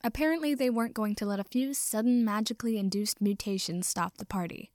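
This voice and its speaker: A woman reads a story aloud at a middle pitch, wry and even in her storytelling. The recording is close and dry, with no room sound at all. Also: brisk, no room sound. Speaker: reader. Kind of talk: fan fiction reading.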